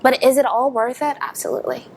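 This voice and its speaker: Animated young woman telling a story. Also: a little high, normal speed, a little hiss or hum. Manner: animated, emphatic, laughs often. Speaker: podcast guest. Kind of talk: casual interview storytelling.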